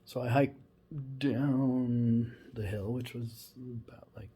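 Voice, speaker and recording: A man's voice: medium pitch, fairly even intonation, takes it slowly, dark tone, a little hiss or hum. A former wildland firefighter, a man, tells a funny story in a laid-back, rambling way with many asides. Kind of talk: casual humorous storytelling.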